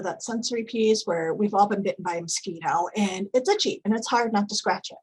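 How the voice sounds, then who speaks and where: Calm, husky-voiced woman presenter. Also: medium pitch, rough recording. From United States. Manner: calm, instructive, many fillers. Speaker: presenter on behaviour support. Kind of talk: conference presentation.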